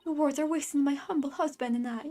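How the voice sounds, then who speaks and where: Stately queen, haughty and grand, a woman doing the voice, pitched a touch high. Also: fast talker, warm tone, faint music behind, lightly acted. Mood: regal. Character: haughty regal queen, middle-aged woman.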